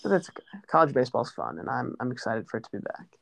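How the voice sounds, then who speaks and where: A man's voice: medium pitch, sing-song, fast, gravelly, fairly bright tone. A young man co-hosting a podcast, chatting casually about sports in a joking, self-deprecating way. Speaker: podcast co-host.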